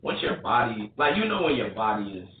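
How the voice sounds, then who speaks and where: A man's voice: mid-range voice, sing-song, a little fast, slight background noise. A man, a boxer guest, giving brief laid-back replies in casual podcast chat. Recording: distant, echoey, phone-like sound.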